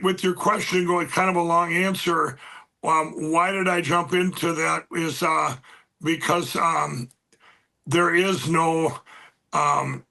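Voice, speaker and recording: A man speaking as an interview guest, halting with many fillers and restarts, yet emphatic and insistent. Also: a little high, gravelly, sharp tone. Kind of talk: political interview talk.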